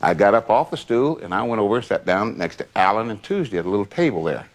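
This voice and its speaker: A man's voice: on the low side, big pitch swings, quick pace. An older man telling a personal story in a rambling, casual way, with many asides. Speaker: longtime associate recounting memories.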